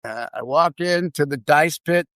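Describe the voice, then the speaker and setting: A man's voice: on the high side, unhurried, no room sound, studio quality. Older man spinning a yarn. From Chicago, United States. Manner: lively, acts out other people's lines. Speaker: guest. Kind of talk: anecdotal storytelling.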